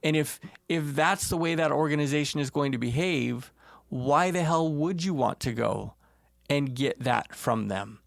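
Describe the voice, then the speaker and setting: Gravelly, earnest man talking things through. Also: on the high side, no room sound, studio quality. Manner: earnest, halting, repeats words as he thinks. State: tearful. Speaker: podcast co-host. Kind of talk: emotional casual conversation.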